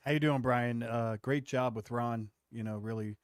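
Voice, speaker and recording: A middle-aged man, a retired police lieutenant, co-hosting a political show in a measured, halting way. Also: mid-range voice, fairly even intonation, no room sound, clean studio sound. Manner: measured, halting, many fillers. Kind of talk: political talk show discussion.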